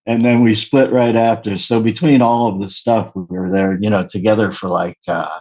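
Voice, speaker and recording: A man, a comedian guest, telling stories in casual chat, talking fast, wordy and profane. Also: fairly low pitch, flat delivery, a little mellow, lo-fi sound.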